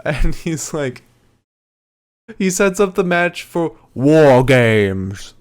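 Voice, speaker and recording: A man's voice: a little high, very animated, extremely slow, clean tone. A man co-hosting a podcast, recapping events in a loose casual chat, rambling along with frequent ums. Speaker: podcast co-host.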